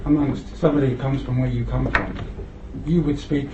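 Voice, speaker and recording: A man's voice: medium pitch, steady tone, fairly quick, dark tone, slight background noise. A man chiming into a meeting to politely clarify a point. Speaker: another participant in the meeting. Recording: dull lo-fi recording.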